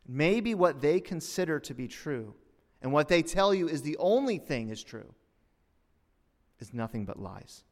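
A man preaching a sermon as a pastor, dramatic, swinging between hushed lines and loud outbursts, with mocking asides. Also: on the high side, sing-song, measured pace, in a large hall.

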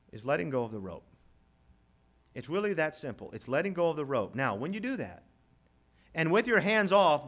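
A man preaching a sermon as pastor, moving from quiet storytelling to loud, rising appeals. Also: mid-range voice.

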